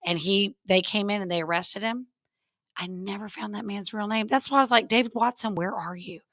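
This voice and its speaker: A woman's voice: medium pitch, a little fast, fairly bright tone, dry recording, studio quality. A middle-aged woman, a comedian and teacher, telling stories with self-deprecating banter in a casual podcast chat. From Mexican-American family.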